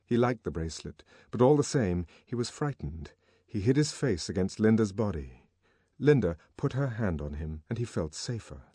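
A man narrating an audiobook in a measured, expressive storytelling manner, recorded on a close studio mic. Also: fairly low pitch, breathy edge, dry recording.

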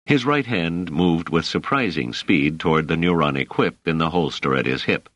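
Deep-voiced man narrating an audiobook. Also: expressive, moderate pace, a bit bright, dry recording, muffled recording. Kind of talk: scripted narration.

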